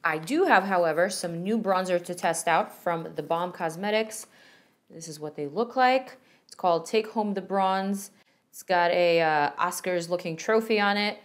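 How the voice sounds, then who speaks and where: A woman's voice: fairly low pitch, normal speed. A young woman beauty vlogger chatting enthusiastically through a makeup tutorial and product review, with playful asides.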